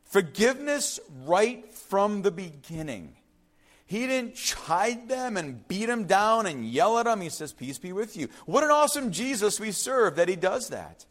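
Animated high-voiced male preacher. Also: unhurried. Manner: dramatic, swings from loud urgency to soft hush. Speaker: pastor. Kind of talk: sermon.

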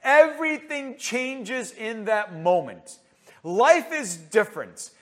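Male preacher, high voice, sermon delivery, passionate, many rhetorical questions, shifts from loud to hushed. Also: very animated, takes it slowly.

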